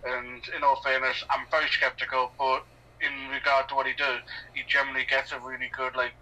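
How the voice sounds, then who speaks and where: A man with a Northeast English accent chats loosely through a film commentary, full of fillers and strong opinions. His tone is very bright and keen, with an even, flat pitch, and he sits some way back from the mic. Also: fairly quick, recorded from a distance, poor audio. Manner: rambling, filler-heavy, opinionated. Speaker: podcast co-host. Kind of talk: casual film commentary chat.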